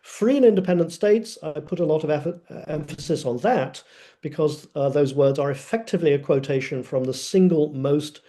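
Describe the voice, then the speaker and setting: A man's voice: fairly high pitch, normal speed, dark tone. A man speaking as a panelist in an academic webinar, lecturing emphatically with frequent filler sounds.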